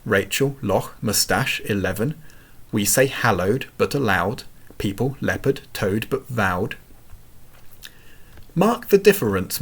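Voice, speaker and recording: Male reader, slow deliberate recitation, gravelly, animated pitch. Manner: slow, carefully enunciated, lively pitch. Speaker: poetry reader.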